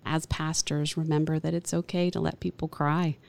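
Low, gravelly-voiced woman chaplain. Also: flat delivery, moderate pace, darkish tone. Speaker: hospital chaplain, guest. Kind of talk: reflective interview talk.

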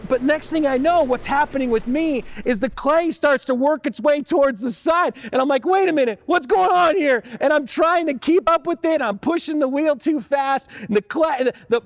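A pastor telling a personal story in a sermon, lively at times and quiet and prayerful at others. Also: male voice, very high-pitched, dry recording.

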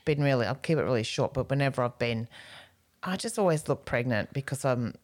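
Very low-voiced quick-talking woman. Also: lively intonation. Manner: quick supportive interjections. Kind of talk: casual chat.

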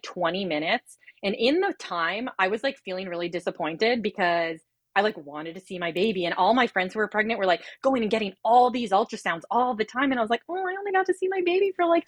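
A woman in her thirties tells her birth story as a podcast guest, earnest and animated. Her voice sits at a middle pitch and sounds dry and close. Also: fairly quick, no room sound. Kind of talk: personal birth story in an interview.

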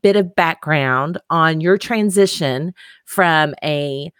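A woman's voice: deep voice, takes it slowly, a bit bright, smooth, dry recording, studio quality. A woman with a Texas twang hosting a podcast, chatty and enthusiastic in casual interview talk. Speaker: podcast host.

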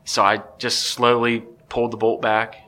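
A man, a podcast guest, telling a story in a casual, excitable way with many restarts. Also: medium pitch, moderate pace.

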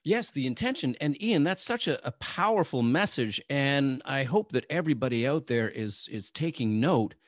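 A man's voice: mid-range voice, expressive, normal speed, few pauses, dry recording, studio quality. A man hosting an interview, speaking in an encouraging and reflective way as he responds to his guest. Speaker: host. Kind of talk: interview conversation.

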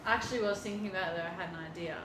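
A woman's voice: mid-range voice, rapid-fire, very noisy. A nineteen-year-old woman, a comedian guest, matter-of-fact. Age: teens. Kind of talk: casual chat. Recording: distant echoey room, loud crowd.

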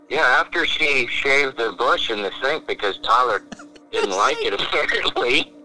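Lebhafter Mann mit sehr heller Stimme. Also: male voice, mid-range voice, normal speed, rough recording. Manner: animated, crude, acts out others' lines. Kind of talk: casual storytelling among friends.

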